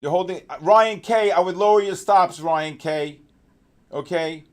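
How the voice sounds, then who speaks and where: A male trading show host giving excitable live market commentary, exclaiming and calling out viewers by name. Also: high-pitched, unhurried.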